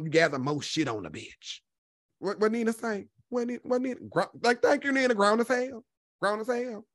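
A man hosting a gossip commentary show, talking loudly and brashly with constant profanity. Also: fairly high pitch, no room sound, clean studio sound. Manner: loud, brash, heavily profane.

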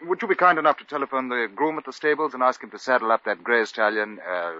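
An actor playing a bored, suave lord with a dry, languid upper-class drawl, in 1940s radio comedy. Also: male voice, mid-range voice, quick pace, sharp tone, lightly acted. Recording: dull lo-fi old radio recording.

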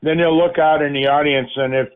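A man's voice: on the high side, fairly even intonation, fairly quick. A man chatting casually on a call, rambling through stories with fillers. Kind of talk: casual phone chat. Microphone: phone call. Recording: tinny phone line.

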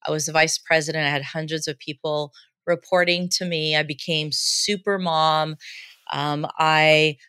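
A woman's voice: sits low, unhurried, clear, resonant tone, no room sound. A woman in her fifties, a guest on a podcast, telling her life story candidly and with animation. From United States. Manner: candid, animated, laughs easily. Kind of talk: casual storytelling interview.

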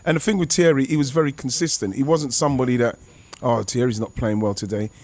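A former footballer, telling a rambling, excitable anecdote over a remote call. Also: male voice, mid-range voice, quick pace. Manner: rambling, excitable, many restarts and fillers. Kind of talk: casual anecdote on a podcast.

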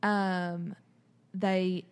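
A woman co-hosting a casual Bible study talk, reading her notes and scripture aloud in an animated way. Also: extremely slow, smooth. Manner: reads notes and scripture aloud, animated, quotes with raised pitch. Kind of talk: casual faith discussion.

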